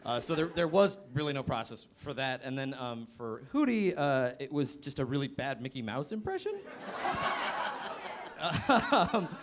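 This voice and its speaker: Man on a panel, lively and laughing. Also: mid-range voice. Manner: laughing, halting with fillers. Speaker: voice actor on a panel. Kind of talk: casual panel talk. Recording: live panel before an audience.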